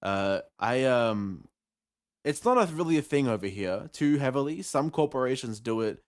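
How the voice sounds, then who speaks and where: A man's voice: mid-range voice, expressive, normal speed. A young man co-hosting a podcast, telling a story in casual chat with rambling, swearing and bursts of laughter. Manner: rambling, profane storytelling that grows loud and laughing. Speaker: podcast co-host. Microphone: headset or desk mic at a computer.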